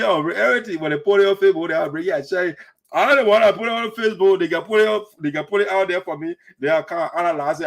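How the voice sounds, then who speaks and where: A man giving rambling, animated commentary on community news, laughing often as he talks. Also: high voice. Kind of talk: casual commentary.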